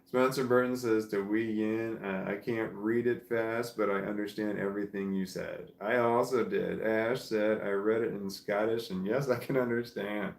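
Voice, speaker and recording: Low-voiced man reading chat, echoey room. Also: steady tone, normal speed, gravelly, few pauses. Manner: reads chat aloud, chuckles often. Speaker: live stream host. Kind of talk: casual chat reading live comments.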